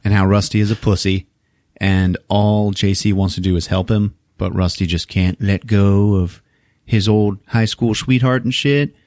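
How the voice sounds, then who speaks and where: On a podcast, a male host recaps a movie in a relaxed way, voicing the characters' lines, laughing a lot and cursing freely. He speaks on the low side at a moderate pace, with a steady, slightly mellow tone, in a dry, clean studio recording.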